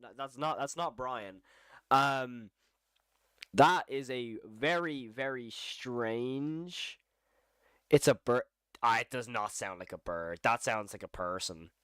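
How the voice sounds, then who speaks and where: A man's voice: mid-range voice, expressive, unhurried, fairly bright tone, clear, resonant tone, dry recording, studio quality. A man hosting a casual live horror reaction stream, thinking aloud, rambling and repeating phrases as he goes. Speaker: horror channel host.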